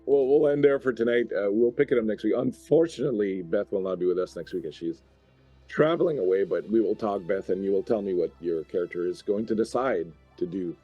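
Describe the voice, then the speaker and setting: A hoarse man who is losing his voice, narrating a tabletop game as dungeon master in slow, measured phrases. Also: on the low side, mellow, dull audio, soft background music.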